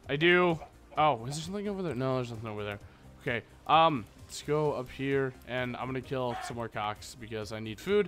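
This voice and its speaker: A man's voice: mid-range voice, lively intonation, a little fast, a bit bright. A young man giving casual let's play commentary, rambling and joking with his viewers. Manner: goofy, rambling, jokey asides to viewers. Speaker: gaming channel host. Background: faint background music.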